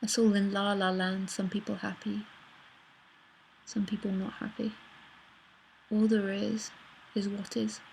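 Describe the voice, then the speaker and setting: A woman's voice: mid-range voice, little pitch movement, measured pace, gravelly, pauses often, darkish tone, slight background noise, poor audio. A middle-aged woman spiritual teacher speaking casually and bluntly in a live online talk. She answers viewer messages, swears now and then and laughs often.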